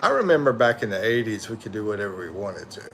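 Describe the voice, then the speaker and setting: Talking fast with a lowish voice and big pitch swings, this tired middle-aged American hosts a livestream over slight background noise. He chats loosely through viewer comments, rambling, self-correcting, and slangy.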